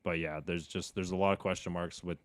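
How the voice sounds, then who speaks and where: A man with a low-pitched voice chats about sports in a rambling, restart-heavy way. Now and then he bursts into animated mock quotes. The sound is dry and close. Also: fairly quick, no echo. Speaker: podcast guest, sports broadcaster. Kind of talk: casual chat.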